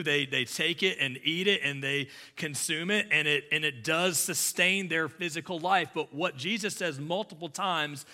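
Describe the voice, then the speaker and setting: A man preaching a conversational sermon as pastor, building to loud emphatic peaks. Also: fairly high pitch, in a large hall.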